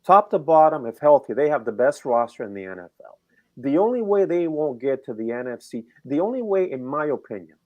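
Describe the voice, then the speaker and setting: A man's voice: mid-range voice, big pitch swings, a little fast, dull audio. A middle-aged man co-hosting a sports betting show, talking casually and animatedly, rambling and firing off rhetorical questions.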